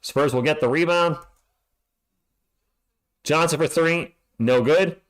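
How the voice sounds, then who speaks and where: A man's voice: on the high side, slow pace, a bit bright. A man hosting a fan livestream, calling play-by-play and ranting in frustration, often stammering when upset.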